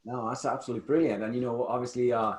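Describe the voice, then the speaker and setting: Man, podcast host, jovial rambling chat, mid pitch, roomy echo. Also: steady tone, very fast. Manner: chatty, jovial, lots of restarts. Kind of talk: casual interview chat.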